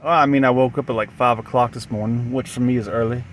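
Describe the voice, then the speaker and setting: A man's voice: mid-range voice, fairly even intonation, a little hiss or hum. Loopy man rambling in fake Southern drawl. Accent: put-on Southern. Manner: halting, repetitive, full of restarts. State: sleep-deprived and loopy. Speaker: vlogger. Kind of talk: rambling monologue to camera. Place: outdoors in a parking lot.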